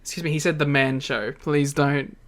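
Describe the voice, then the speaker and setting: A podcast co-host reacting in animated, exasperated casual chat about a bad wrestling segment, laughing often. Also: medium pitch, moderate pace.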